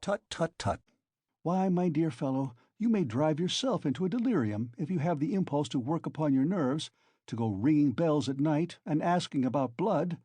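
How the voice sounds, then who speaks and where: A man's voice: a little high, animated, moderate pace, mellow, breathy edge. A man voicing a sly, genial male investigator who talks in a fussy, insinuating way. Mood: coaxing. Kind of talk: audiobook character reading.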